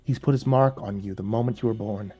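A man voicing a gentle male angel messenger, speaking softly, solemnly and slowly in a dark, husky voice. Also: mid-range voice, soft background music. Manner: soft, solemn, slow and pleading.

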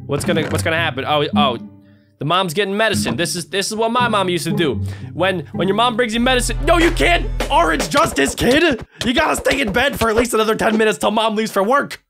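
A young man doing an excited video reaction commentary, yelping, laughing and reading lines aloud in passing. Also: high-pitched, fairly quick, vocal fry, over music. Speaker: gaming reaction host.

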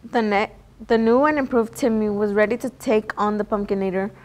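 Brief: woman storybook reader, mid-pitched, plain read-aloud with the odd stumble. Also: fairly even intonation, fairly quick, darkish tone. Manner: plain read-aloud with small slips and restarts. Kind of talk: reading a children's picture book aloud.

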